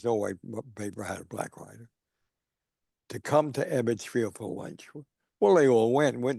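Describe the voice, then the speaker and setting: An older man with a gravelly, mellow voice spins anecdotes over a video call. He slips into the voices of the people in his stories as he goes. The sound is close and dry. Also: mid-range voice, no echo. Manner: acts out quoted people while telling stories. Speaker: guest speaker. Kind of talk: anecdotal storytelling.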